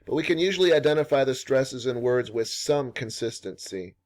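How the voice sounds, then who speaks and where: Man, professor, scripted lesson narration, measured, explanatory, average pitch. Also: a little mellow. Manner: measured, explanatory, slows down for read-aloud examples. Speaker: professor leading a writing workshop.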